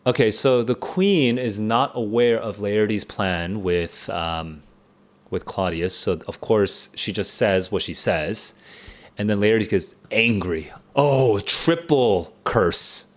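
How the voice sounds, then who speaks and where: Excitable man reacting to a play. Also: lowish voice. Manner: excitable, halting, laughs often; casual slangy commentary. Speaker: book club streamer. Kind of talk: live reading reaction.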